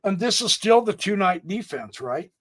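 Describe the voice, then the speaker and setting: A man hosting a live chess stream, chatty and excitable, calling out moves as he plays them and thinking aloud, a bit sneezy today. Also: sits high, moderate pace. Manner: chatty, excitable, exclamations and laughs. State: sneezy, stuffed up. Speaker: chess livestream host.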